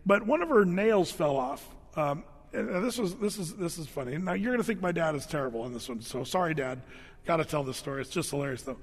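A man with a high voice preaches in a relaxed, chatty way, with filler words and jokes. His voice rings out with the long reverb of a large hall. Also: fast talker, slightly rough. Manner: casual, conversational, humorous storytelling; frequent fillers and restarts. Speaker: pastor. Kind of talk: sermon.

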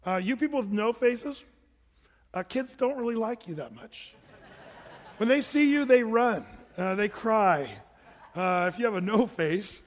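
In a large hall, a pastor with a high, expressive voice speaks a little slowly as he gives a casual, conversational sermon. He tosses in joking asides and acts out the people in his stories.

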